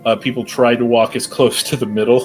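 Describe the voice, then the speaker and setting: A man narrating a tabletop role-playing game as game master, describing scenes in a measured way. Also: mid-range voice, little pitch movement, darkish tone, faint music behind.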